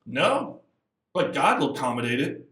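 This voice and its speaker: A man, a missionary guest, talking casually in an interview, lively and acting out little quotes as he goes. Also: moderate pace, roomy sound, recorded from a distance. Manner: animated, acts out voices and quotes with big pitch jumps.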